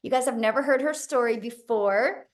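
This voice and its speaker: Upbeat webinar host on a video call; encouraging, casual, higher pitch. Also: female voice, normal speed. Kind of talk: casual live webinar hosting.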